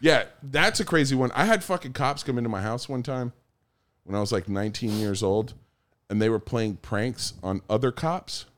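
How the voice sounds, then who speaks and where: A man casually telling a story among friends, animated, swearing a lot and acting out the quotes. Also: mid-range voice, normal speed.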